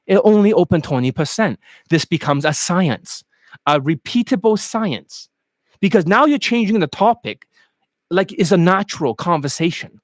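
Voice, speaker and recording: Brief: foul-mouthed male dating coach, very animated delivery, dry close sound. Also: a little high, normal speed, no room sound. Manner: crude, animated, mocking. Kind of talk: coaching rant.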